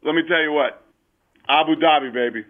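A man's voice: fairly high pitch, brisk. A man being interviewed over the phone, talking in a blunt, emphatic way. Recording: tinny phone line.

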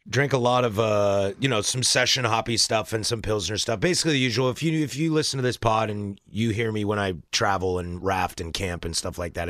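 A man co-hosting a podcast, chatting casually with quick interjections and stories of his own trips. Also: fairly low pitch, a bit bright, no echo, studio quality. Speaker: podcast co-host. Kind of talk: casual chat about beer.

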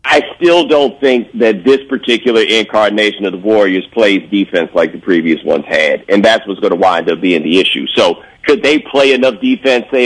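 A man giving relaxed sports analysis in a clip played on the air, speaking in plain, analytical terms. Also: fairly low pitch, low-quality recording. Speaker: sports TV commentator.

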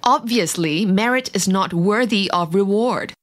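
A woman's voice: mid-range voice, a little slow, lightly acted. A woman voicing a proud, tiny male flea in a bedtime story, haughty and indignant.

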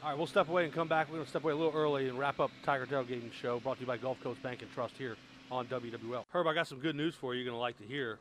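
A man hosting a sports radio show, leading the talk in a lively, joking way. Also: mid-range voice, rapid-fire, slight background noise. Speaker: radio host.

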